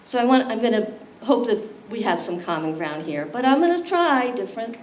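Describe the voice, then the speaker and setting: Lively woman lecturing in an echoey room. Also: a little high, brisk. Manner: animated, jokey, questions the audience. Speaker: lecturer leading a community library talk. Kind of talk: interactive public lecture. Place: library meeting room. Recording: echoey room, distant mic, faint hiss.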